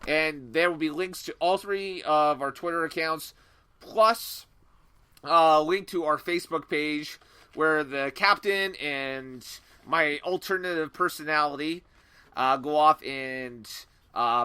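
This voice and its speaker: A man's voice: fairly high pitch, slow pace, bright, forceful tone, smooth. A man co-hosting a podcast, rambling and playful in casual chat. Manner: rambling, playful, many fillers. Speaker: podcast co-host.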